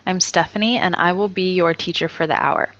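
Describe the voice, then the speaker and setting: A woman teaching an English lesson in a chatty way with many fillers, slowing down to demonstrate words. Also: on the low side, steady tone, fairly bright tone, lo-fi sound.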